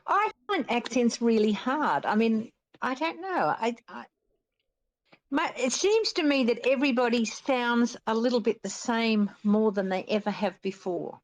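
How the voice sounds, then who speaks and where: A woman's voice: fairly high pitch, expressive, measured pace. An older Australian woman chatting as a guest, speaking hesitantly and thoughtfully. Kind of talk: casual chat.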